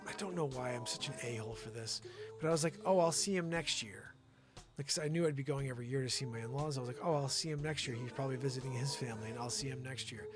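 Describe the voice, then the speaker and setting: A man hosting a casual comedy news livestream, calling out names of viewers in lively shout-outs. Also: medium pitch. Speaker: host. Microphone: desk mic.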